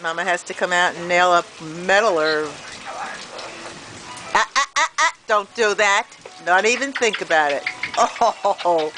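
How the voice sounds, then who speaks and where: A woman's voice: lowish voice, expressive, unhurried. A middle-aged woman chatting to her pet birds in a sing-song voice, filming on a porch in the rain. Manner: sing-song baby talk to birds, with frequent laughs. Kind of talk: casual talk to pets. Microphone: handheld camera. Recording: noisy outdoor camera audio. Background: rain and bird sounds.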